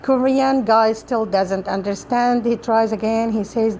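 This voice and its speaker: A woman reciting a prepared talk for practice, pausing and restarting often and making small grammar slips. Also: a little high, steady tone, a little mellow, slight background noise, rough recording. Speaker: student practicing a speech.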